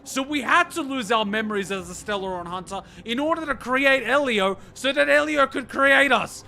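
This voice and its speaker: A man reacting to a game story, ranting excitedly and swearing heavily. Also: extremely high pitch, normal speed, creaky, slight background noise. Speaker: reaction streamer.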